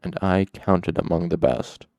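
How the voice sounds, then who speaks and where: A man's voice: sits low, unhurried, gravelly, a little mellow, no room sound, clean studio sound. A man voicing Lanre, a grief-stricken and weary fallen hero, speaking heavily with despair in an audiobook reading. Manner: heavy and despairing.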